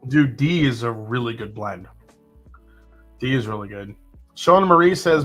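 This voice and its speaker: A man's voice: mid-range voice, unhurried, soft background music. A man hosting a live whiskey tasting, chatting casually and reading out viewer comments. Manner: relaxed, chatty, with fillers and sips. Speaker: whiskey livestream host.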